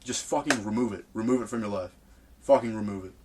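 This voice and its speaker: A young man who makes music, giving blunt, profane advice to the camera in an animated rant from his small home studio. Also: fairly low pitch, quick pace. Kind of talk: casual ranting advice to camera.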